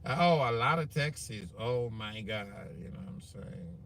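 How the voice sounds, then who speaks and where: A Jamaican man hosts a live talk show with a bright, forceful voice. He is chatty and encouraging, with faint room noise behind him. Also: medium pitch, expressive, normal speed. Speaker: host.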